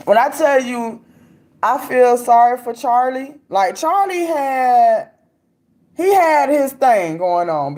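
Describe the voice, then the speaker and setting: A woman's voice: a little high, darkish tone. A young adult woman hosting a casual commentary chat, loose and talkative, laughing often and speaking with slang. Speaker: livestream host reading viewer comments.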